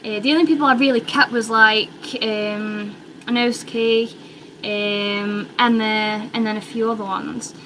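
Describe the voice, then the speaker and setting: A young woman with a British accent, chatting in a rambling, excitable way while she hosts a casual crochet livestream from home. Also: fairly high pitch, unhurried, slight background noise, poor audio. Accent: British English.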